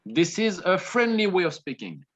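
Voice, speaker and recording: A French man with a French accent teaching an online class, encouraging his students and repeating phrases slowly. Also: high voice, big pitch swings. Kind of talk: online demo language class. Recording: dull lo-fi audio with faint noise.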